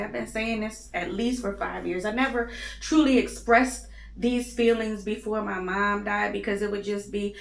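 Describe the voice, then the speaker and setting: A woman's voice: medium pitch, fairly even intonation, moderate pace, gravelly, reverberant. A woman in her thirties hosting a candid, emotional monologue, raw and blunt with plenty of swearing, audibly tearful. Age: 30s. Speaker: host. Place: home.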